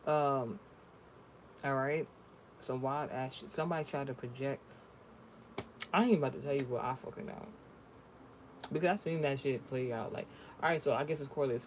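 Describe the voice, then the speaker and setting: A man's voice: medium pitch, a little fast, pauses often, a little hiss or hum. A man giving a spiritual reading in casual chat, talking bluntly and swearing freely as he tells stories. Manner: profane, blunt, storytelling. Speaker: spiritual reader.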